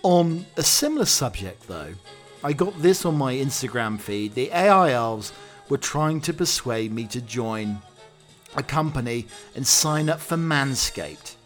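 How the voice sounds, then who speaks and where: A man's voice: mid-range voice, expressive, a little slow, faint music behind. A man hosting a comedy podcast, reading out news items with dry, wry asides. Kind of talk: comic monologue reading news stories.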